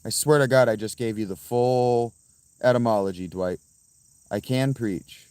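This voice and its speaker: A man livestreaming outdoors and answering his chat in a profane, combative, quick-tempered way. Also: mid-range voice, darkish tone, clean tone, no echo. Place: outdoors by a fountain.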